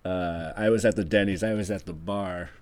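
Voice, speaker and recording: A man's voice: deep voice, steady tone, normal speed, a little mellow, no room sound, voice pushed down, lightly acted. A man improvising a scheming casino boss in a tabletop role-play, talking bluntly in rambling bursts with self-mocking asides. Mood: bossy.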